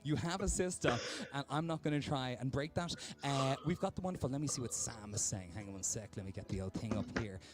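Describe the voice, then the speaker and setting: A man's voice: medium pitch, animated, a little fast. A young Irish man with an Irish accent, a comedian hosting a charity stream with rambling, playful stand-up banter. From Ireland. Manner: rambling, self-interrupting, playful.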